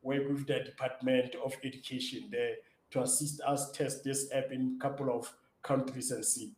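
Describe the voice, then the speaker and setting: A man from Africa, answering interview questions as an app founder in an excitable, enthusiastic way. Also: mid-range voice, normal speed. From South Africa. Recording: roomy echo.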